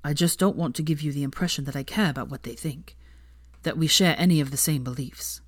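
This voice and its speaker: A woman voicing an anxious, guarded young man who speaks in a hushed, halting way. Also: deep voice, no echo, studio quality. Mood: brooding. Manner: hushed, halting, heavy sighs.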